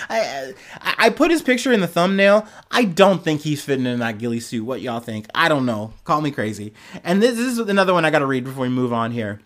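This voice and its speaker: A man's voice: a little high, big pitch swings, a little fast, fairly bright tone. A young man hosting a podcast, giving casual, profane, sarcastic news commentary and often laughing. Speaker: podcast host.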